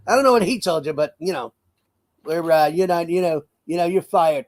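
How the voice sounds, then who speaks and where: A man's voice: on the high side, animated, a little fast, no echo, studio quality, pitched above the performer's own voice, natural voice. A man impersonating a brash older male politician who speaks in a dismissive, rambling way.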